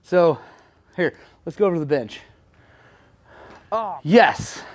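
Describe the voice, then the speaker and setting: A motorcycle vlogger chats casually to the camera from his garage workshop while working on a bike. His slightly high voice is excitable, flipping quickly between frustration and joy.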